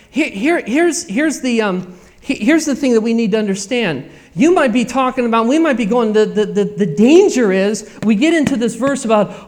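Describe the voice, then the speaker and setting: High-voiced earnest male preacher. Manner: earnest, repetitive preaching with dramatic swings in loudness. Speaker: pastor. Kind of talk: sermon.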